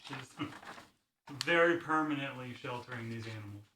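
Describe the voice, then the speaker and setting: Very deep-voiced woman, off-mic and roomy. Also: unhurried, pushed and bright, far from the mic, slight background noise. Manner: dry, teasing remarks. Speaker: off-camera companion. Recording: roomy, off-mic from across the room.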